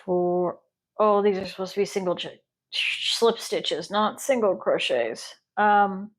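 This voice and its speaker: A woman from Ohio chats casually while she crochets, rambling and stopping to count stitches. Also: medium pitch. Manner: rambling and self-interrupting, pausing to count stitches. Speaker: crochet podcast host.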